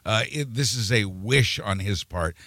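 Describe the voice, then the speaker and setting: Low-voiced male co-host, wry one-liners, firm opinions, dry close mic. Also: unhurried, sharp tone, dry recording. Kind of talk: political talk show chat.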